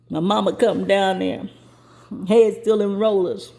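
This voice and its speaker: A woman telling a comic childhood story in a lively, colloquial way. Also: mid-range voice, unhurried, gravelly.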